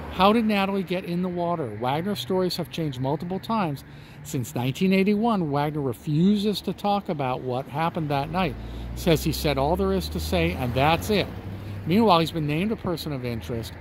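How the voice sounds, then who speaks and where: Slightly high-voiced guy doing a casual true-crime vlog, folksy, calls everyone folks, faint street noise behind. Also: animated, moderate pace. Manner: chatty, folksy, addresses viewers as folks. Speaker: channel host. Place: outdoors on a residential street in front of a house.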